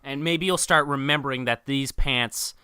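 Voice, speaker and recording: Bright, crisp-voiced rambling podcast man. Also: medium pitch, moderate pace. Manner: rambling, animated, stumbles over words. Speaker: podcast co-host. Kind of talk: casual comedic chat.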